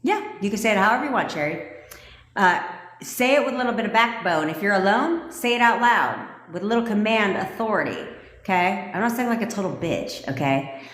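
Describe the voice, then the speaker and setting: A foul-mouthed woman coaching an audience on a live stream, bossy and blunt, with a loose, joking way of talking. Her voice sits at an ordinary pitch for a woman. The room around her rings, with a long reverb trailing after each phrase. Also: lively intonation, brisk, fairly bright tone. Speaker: manifestation coach.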